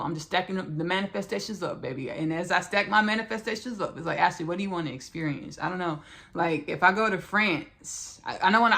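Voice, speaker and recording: A woman hosts a spiritual podcast in a low voice with a gravelly, creaky edge. She circles back over her phrases and keeps calling her listeners "y'all" and "baby.". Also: bright, forceful tone. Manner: repetitive, talks straight to listeners as "y'all" and "baby". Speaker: podcast host.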